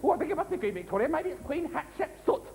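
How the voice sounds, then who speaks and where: A man's voice: extremely high pitch, sing-song, quick pace, creaky, a little mellow, soft background music, full character voice. A man playing a cheerful, simple-minded old-time male servant, talking chirpily and eagerly. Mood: chirpy. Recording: noisy old TV tape in a reverberant studio.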